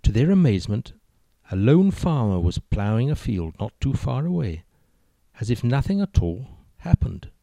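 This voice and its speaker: A man narrating a joke story in a steady, measured way. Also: mid-range voice, creaky, no echo.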